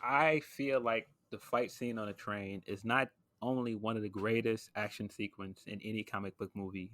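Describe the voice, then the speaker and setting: A man hosts a casual podcast chat, talking with eager, gushing enthusiasm. His voice sits a little low. The sound is dry and close, with no room echo. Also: steady tone, moderate pace, fairly bright tone. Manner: enthusiastic, gushing, wrestling references. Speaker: podcast host.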